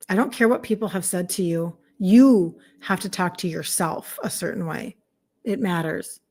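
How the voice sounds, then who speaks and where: A chatty woman in her fifties talking live to her viewers. She is an encouraging health coach who talks loosely, with plenty of fillers. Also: fairly low pitch. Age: 50s. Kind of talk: casual live-stream chat, reading viewer comments.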